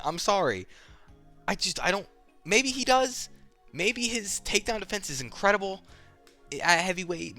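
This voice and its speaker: A young man delivers a casual, rambling fight rant full of swearing and strong opinions. His voice is bright and edgy, and faint music sits behind it. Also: fairly high pitch. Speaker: MMA commentator.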